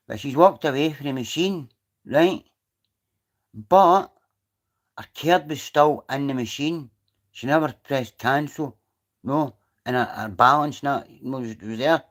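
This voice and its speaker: A Scottish man in casual livestream chat, his talk rambling and loose, full of swearing and asides to viewers. His voice sits at an ordinary middle pitch for a man, talking outdoors. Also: unhurried, long pauses. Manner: rambling, chatty, swears freely. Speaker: livestream host.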